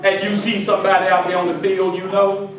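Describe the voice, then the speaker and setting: A pastor preaching a sermon to his congregation, swinging between quiet asides and shouted climaxes. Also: sits high, monotone, brisk. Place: church sanctuary with congregation. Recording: very echoey church hall from far off with congregation. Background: congregation responding and laughing.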